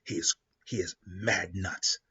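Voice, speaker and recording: A man rambles through a story idea as host, often restarting his sentences. His voice is low and husky. The sound is dull and lo-fi. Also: takes it slowly. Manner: rambling, animated, with many restarts. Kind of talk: casual spoken storytelling.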